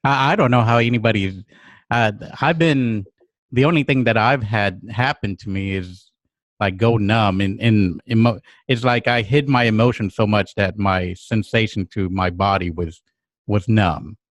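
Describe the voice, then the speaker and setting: A man hosting a podcast, thinking aloud in a relaxed, reflective way and acting out little inner quotes. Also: on the low side, normal speed, dry recording. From United States. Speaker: podcast host. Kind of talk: casual reflective chat.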